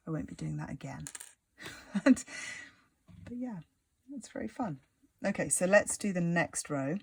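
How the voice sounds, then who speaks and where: A crochet tutor talks through a stitch in a loose, rambling way and keeps muttering little asides under the breath. The voice has a gravelly, fry-edged texture. It is recorded close and dry, with no room sound. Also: medium pitch, no echo. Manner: rambling, chatty, many "like" fillers.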